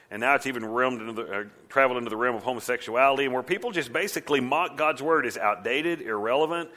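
A man preaching a sermon as a pastor, animated, sometimes mimicking mocking voices. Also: mid-range voice.

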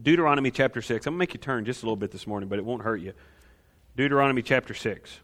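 A pastor, preaching a lively sermon full of rhetorical questions and light humor. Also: male voice, mid-range voice, very fast.

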